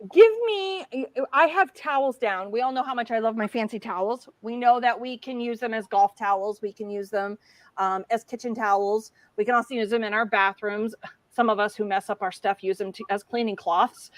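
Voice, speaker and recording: Chatty woman livestream host, bright high voice, dry close sound, laughs a lot. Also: dry recording. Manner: bubbly, chatty, quick to laugh. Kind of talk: casual livestream chat.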